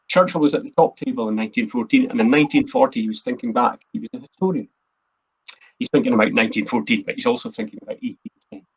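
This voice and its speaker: A man's voice: medium pitch, husky, lo-fi sound. A man, the host and a historian, giving an earnest, emphatic history talk from his notes. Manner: earnest, emphatic, quotes speeches in a plain voice.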